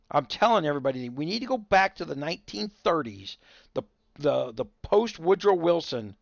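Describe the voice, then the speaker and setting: A man's voice: on the high side, vocal fry, no room sound. A man hosting a livestream, chatting casually with viewers and ranting bluntly with strong opinions. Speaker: livestream host. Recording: dull lo-fi dry sound.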